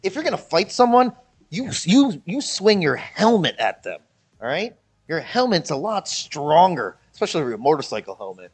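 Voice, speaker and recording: A man's voice: a little high, normal speed, slightly rough. A man hosting a casual livestream, chatting with viewers and ranting with jokes and mocking voices. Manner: animated, joking rants with mocking voices. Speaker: livestream host.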